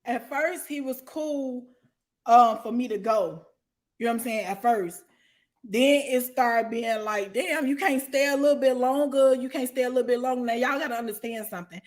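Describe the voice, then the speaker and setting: A middle-aged woman telling a story in casual chat, blunt and profane, often breaking into loud laughter and sudden shouts. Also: fairly high pitch. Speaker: storyteller guest.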